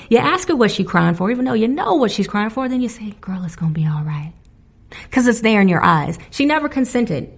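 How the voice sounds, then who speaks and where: A woman hosting a music podcast alone, talking in a casual, animated way, laughing often and getting indignant. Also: mid-range voice, creaky. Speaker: podcast host. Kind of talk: casual solo podcast commentary.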